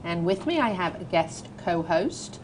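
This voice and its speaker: English woman host, lowish voice, playful and chatty, studio chat with faint background rumble. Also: lively intonation, a little slow. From England. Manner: chatty, laughs easily, playful. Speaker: talk show host. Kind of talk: casual chat and news reading.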